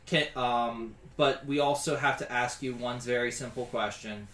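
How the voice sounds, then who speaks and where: A man's voice: steady tone, moderate pace, roomy sound, recorded from a distance. A man running a tabletop game as game master, narrating and voicing characters with frequent laughter. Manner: laughs often, voices NPCs in lower, quieter tones.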